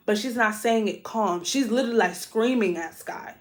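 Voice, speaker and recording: A woman hosting a podcast, recapping a reality show in a casual, profane, animated way and talking straight to listeners. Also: mid-range voice, moderate pace, few pauses. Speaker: podcast host.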